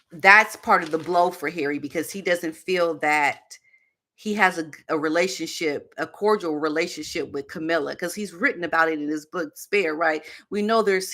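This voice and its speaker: A woman hosting a casual commentary video, talking in a chatty, animated way with lots of fillers and sarcastic asides. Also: lowish voice. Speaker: host.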